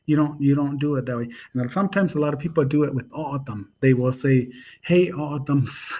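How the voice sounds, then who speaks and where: A man giving a casual language lesson to camera, slow and halting, with many ums, patiently repeating sounds. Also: medium pitch, darkish tone. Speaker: language teacher. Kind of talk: casual home video lesson.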